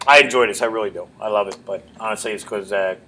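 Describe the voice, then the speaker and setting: A middle-aged man with a lowish voice who tells his stories in a crude, self-mocking, animated way. He talks as a comedy club owner and comedian being interviewed at an open mic night in a bar. A faint room ambience hums behind him. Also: fast talker, slight background noise. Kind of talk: storytelling in an interview.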